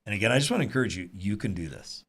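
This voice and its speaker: Lively low-voiced male Bible teacher. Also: slightly rough. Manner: animated, quick asides and rhetorical "right?". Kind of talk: conversational teaching to a small group.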